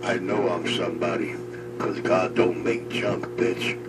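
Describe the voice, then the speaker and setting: Low mocking man on CB radio. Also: little pitch movement, measured pace, over loud music. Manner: mocking, drawling taunts. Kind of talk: banter over CB radio. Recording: distant radio voice in loud static.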